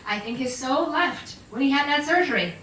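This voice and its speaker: A plainspoken female house cat speaks calmly and bluntly, as a woman puts her on. The voice is bright and fairly high. It sounds distant, in a reverberant room. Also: moderate pace, a little hiss or hum. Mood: confiding.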